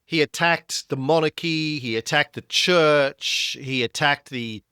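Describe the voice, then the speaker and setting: A man's voice: a little slow, clear, resonant tone, no room sound. A man co-hosting a history podcast, his mid-range voice jumping up when he leans into a point. The sound is dry and close, with no room around it. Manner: lively storytelling, rises in pitch when emphatic. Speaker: podcast co-host.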